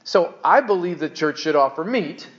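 Man, pastor, casual sermon, jokey, stumbling restarts, slightly high voice, dull lo-fi sound. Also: lively intonation, moderate pace. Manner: chatty, joking, stumbling restarts. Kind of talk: conversational sermon. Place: church.

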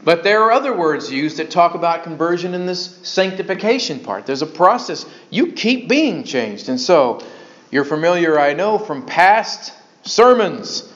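A man preaching a conversational sermon as a pastor, animated, with sudden emphatic bursts. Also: fairly high pitch, measured pace. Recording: dull lo-fi sound.

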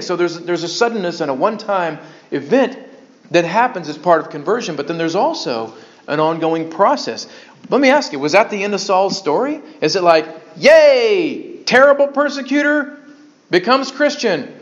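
Animated man preaching a sermon. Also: sits high. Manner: animated, conversational preaching with sudden emphatic bursts. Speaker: pastor. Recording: dull lo-fi sound.

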